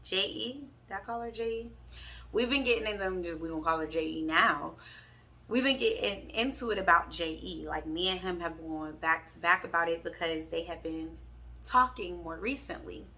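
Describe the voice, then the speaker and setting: A woman's voice: fairly low pitch, normal speed, pushed and bright. A young woman telling a candid, sassy storytime to her viewers, calling them y'all. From Pittsburgh. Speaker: vlogger. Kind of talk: storytime vlog.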